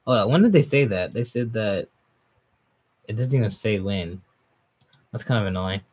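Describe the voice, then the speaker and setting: A man's voice: normal speed, breathy edge. A young man live-streaming a manga reaction, reading aloud, laughing often and talking to his chat. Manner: excitable, laughs often, jumps up in pitch when hyped.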